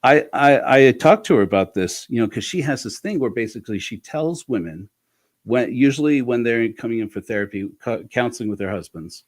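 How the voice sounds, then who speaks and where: A man as an interview guest, telling personal stories in a frank, animated way with frequent restarts. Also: medium pitch, fairly quick. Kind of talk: candid conversational storytelling.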